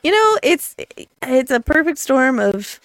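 A woman's voice: sits high, very animated, unhurried, no room sound. A woman co-hosting a comedy podcast, giggly and playful in casual chat. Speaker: podcast co-host.

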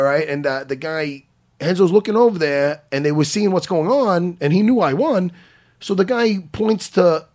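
A man in his forties hosting a casual chat, loud, profane and excitable, telling stories in fast bursts. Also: a little high. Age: 40s. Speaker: host.

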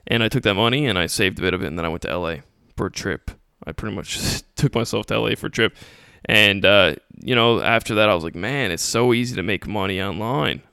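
Bright-voiced young man hosting a podcast. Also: on the low side, smooth, no room sound, clean studio sound. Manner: casual, motivational, acts out mocking critics in quotes. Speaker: podcast host. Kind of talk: solo Q&A podcast talk.

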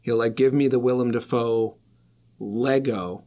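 A man's voice: medium pitch, fairly even intonation, unhurried, mellow. A man in his thirties, a podcast guest talking over a remote call, rambling and self-deprecating with frequent laughs. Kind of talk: casual podcast chat.

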